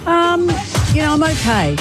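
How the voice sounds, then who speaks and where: A woman in her sixties, co-hosting a radio show, speaking emotionally and haltingly, with frequent restarts. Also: high-pitched, sing-song, loud music behind the voice. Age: 60s. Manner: emotional, tearful, rambling with restarts. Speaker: radio co-host. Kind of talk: casual on-air chat. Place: radio studio.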